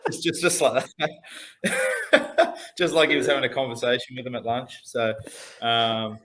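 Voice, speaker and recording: A man's voice: medium pitch, big pitch swings, unhurried, sharp tone. A man and father, a podcast guest, talking casually in a hesitant way with many restarts. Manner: hesitant, full of fillers and restarts. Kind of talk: casual chat.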